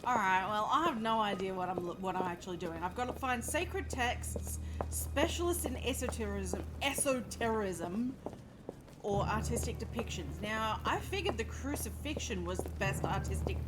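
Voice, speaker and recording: Joking, profane woman streamer, lively voice. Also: mid-range voice, normal speed, very noisy. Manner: chatty, joking and profane, talks to chat. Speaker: streamer playing a video game. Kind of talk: live gameplay commentary. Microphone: webcam setup. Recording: game music playing behind.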